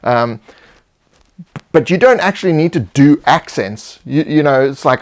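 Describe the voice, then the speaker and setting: A man co-hosting a casual chat with game master tips, talking in a relaxed, rambling way with frequent restarts. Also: a little high, measured pace, long pauses.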